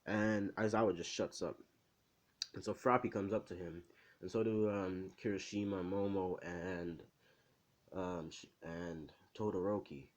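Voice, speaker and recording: A man's voice: low-pitched, fairly even intonation, measured pace. Rambling young man telling a fan story. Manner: rambling, full of fillers and "right?" asides. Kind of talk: casual improvised fan-story narration.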